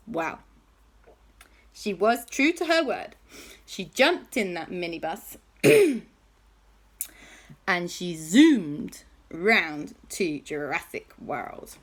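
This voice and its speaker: A woman's voice: fairly low pitch, sing-song, drawn-out words, long pauses. A woman host telling a playful children's story with toys, switching into character voices.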